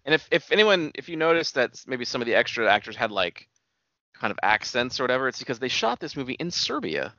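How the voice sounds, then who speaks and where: Man, casual movie trivia chat, animated pitch, bright voice, dry dull mic. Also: fast talker, dry recording. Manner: chatty, sharing behind-the-scenes trivia. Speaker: podcast co-host.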